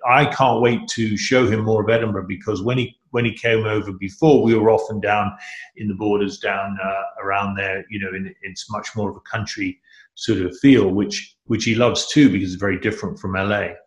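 A middle-aged man with a fairly low voice talks as a guest, eager and rambling, often restarting his sentences. His voice rings in an echoey room. The talk is loose and conversational. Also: level tone, moderate pace. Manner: enthusiastic, rambling, many restarts. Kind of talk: casual conversation.

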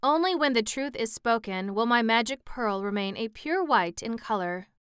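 A woman voicing a stern but gracious female sorceress ruler in a storybook reading, commanding and measured. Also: a little high, expressive, a bit bright, smooth, no echo, clean studio sound, pitched above the performer's own voice.

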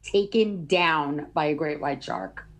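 A woman co-hosting a casual podcast chat, gushing and excitable, often exclaiming. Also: low-pitched, takes it slowly. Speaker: podcast co-host.

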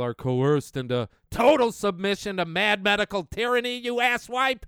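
A man hosting his own podcast, delivering an angry political rant that swings between shouted outbursts and low, muttered asides. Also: animated, moderate pace, few pauses, clean tone, dry recording, clean studio sound. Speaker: podcast host.

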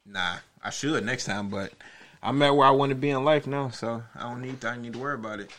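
Young guy w a bright sharp voice, chill, just telling stories. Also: medium pitch, fast. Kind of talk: casual group chat.

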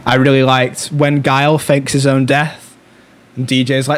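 A man hosts a loose, casual movie podcast with friends. He talks in an animated way, laughing as he walks through favorite lines. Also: medium pitch, moderate pace, smooth. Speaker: podcast host.

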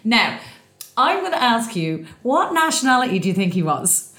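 A woman's voice: fairly high pitch, sing-song, normal speed, a bit bright, echoey room. A young Irish woman co-hosting a podcast, chatting and acting out what people said as she tells a story. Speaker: podcast co-host. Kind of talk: casual storytelling chat.

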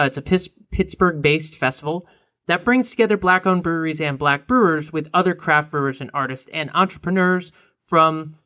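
A young man co-hosting a casual beer podcast, relaxed and chatty, with plenty of ums and uhs. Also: a little high. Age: young adult. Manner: relaxed, frequent filler ums and uhs, laughs easily. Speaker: podcast co-host.

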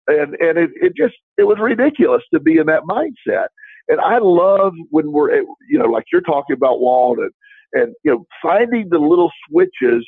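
Gravelly-voiced man telling a story. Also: on the high side, no room sound. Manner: rambling, restarts, animated retelling of quoted dialogue. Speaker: podcast co-host. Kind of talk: casual storytelling chat. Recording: dry, tinny phone-like line.

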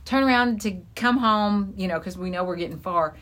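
A middle-aged woman co-hosting a podcast in casual chat, telling lively stories and jumping into a high voice when she quotes people. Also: moderate pace. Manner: animated storyteller, voice jumps high when quoting. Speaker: podcast co-host.

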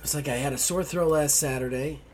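A man's voice: mid-range voice, brisk, slight background noise. A man hosting a gaming podcast, sounding sick and stuffy, grumpy and blunt, swearing casually. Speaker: podcast host. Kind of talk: casual chat.

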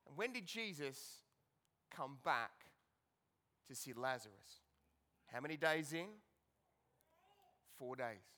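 A man preaching a sermon as pastor, emphatic and repetitive, swinging between loud passages and hushed ones. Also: mid-range voice, very animated, takes it slowly, long pauses.

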